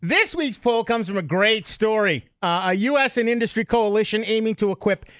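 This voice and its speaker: A man's voice: high voice, animated, brisk, fairly bright tone, no room sound, studio quality. A man hosting a radio talk show, chatty and joking with his co-hosts. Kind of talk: casual radio banter.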